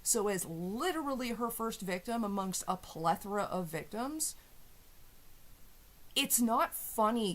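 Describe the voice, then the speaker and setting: A woman at an ordinary middle pitch delivers a furious rant. She swears freely and leans hard on sarcasm. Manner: heated, profane, sarcastic. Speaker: vlogger. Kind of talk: angry rant to camera.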